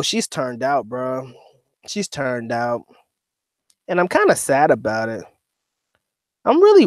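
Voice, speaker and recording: A man's voice: on the high side, no echo, studio quality. A man co-hosting a casual livestream, reading chat and talking in a slangy, profane, laughing way.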